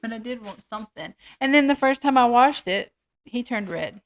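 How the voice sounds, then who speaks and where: A woman's voice: on the high side, animated, moderate pace. Middle-aged woman rambling thru a funny story, self-deprecating, casual chat vibe. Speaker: co-host.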